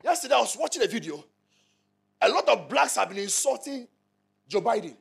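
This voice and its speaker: A Ghanaian pastor preaches in an emphatic style, repeating his lines and calling out to his listeners. His voice is high and gravelly, with a husky edge. His pitch leaps and dips widely as he drives each point home. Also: very animated, a little fast. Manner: repetitive, call-and-response, emphatic. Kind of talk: sermon.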